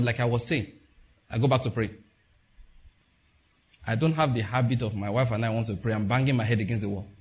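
A man's voice: medium pitch, a little mellow. A male pastor giving a sermon in a loose, conversational way, laughing as he retells stories and acting out the voices he quotes.

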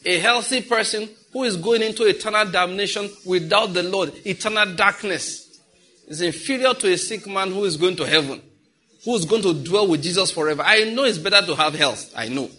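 A middle-aged Nigerian pastor preaches in an easy, conversational way, dropping into pidgin asides. His voice sits a little high and sounds bright and forceful. It carries a husky, slightly rough edge. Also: brisk. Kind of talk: sermon.

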